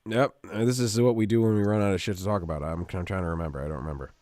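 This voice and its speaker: A man's voice: on the low side, fairly even intonation, rapid-fire, darkish tone, no echo, studio quality. A man co-hosting a podcast in casual, profane, joking banter. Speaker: podcast co-host. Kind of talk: casual chat.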